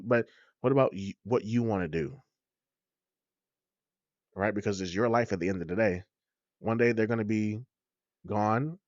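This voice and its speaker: A man hosts a motivational podcast, speaking straight to his listeners in a preachy way, repeating his points and calling them "y'all." His voice is mid-range, with no room sound and the highs cut off.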